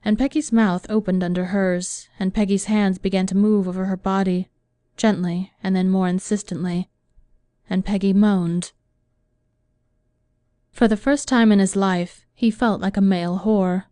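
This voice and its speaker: A woman narrating an audiobook in a measured, even reading voice. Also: mid-range voice, no echo. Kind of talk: scripted narration.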